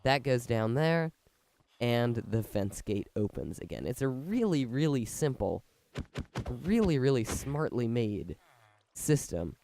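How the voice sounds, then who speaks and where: A man who is sick with a fever and sore when he talks, rambling excitedly as he explains a build in a gameplay commentary. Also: medium pitch, slow pace, gravelly. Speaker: video game commentator. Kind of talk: let's-play gameplay commentary.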